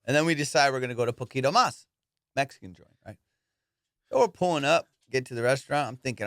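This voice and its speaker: A man hosting a podcast, telling stories in a casual, profane, animated way and acting out his friends' lines. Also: mid-range voice, fast talker, no echo, studio quality. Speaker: podcast host. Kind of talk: casual storytelling chat.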